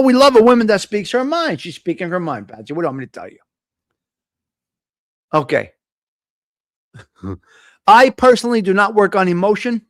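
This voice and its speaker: A man's voice: high-pitched, fairly bright tone, no room sound, studio quality. A middle-aged man hosting a live coffee-talk show, talking bluntly in a profane, ranting monologue. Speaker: host.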